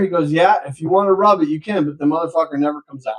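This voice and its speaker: A man's voice: a little high, fast, poor audio. Profane older man telling a joke. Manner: profane storyteller acting out voices. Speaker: co-host. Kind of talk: casual chat, telling a long joke.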